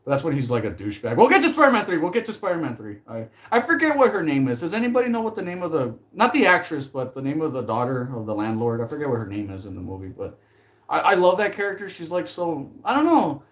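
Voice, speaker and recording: A man chatting casually on a live stream about films he loves, rambling with lots of "like" and swearing when he gets excited. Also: mid-range voice, quick pace.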